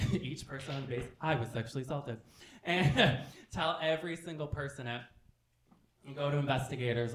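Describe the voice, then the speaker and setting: A man doing campy, animated stand-up storytelling on a theater stage, acting out the people in his story. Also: medium pitch. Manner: animated, campy, acts out voices. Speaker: stand-up comedian. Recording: roomy theater sound.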